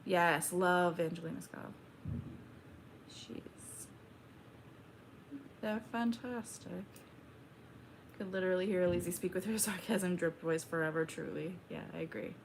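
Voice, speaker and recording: A young woman hosting a casual livestream, reading chat aloud and chatting back in a slow, laid-back drawl. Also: on the low side, slight background noise.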